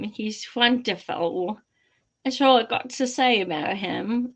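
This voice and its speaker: A woman's voice: on the high side, takes it slowly, fairly bright tone. A woman hosting a live commentary stream, impassioned and blunt, swearing freely. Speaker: livestream host.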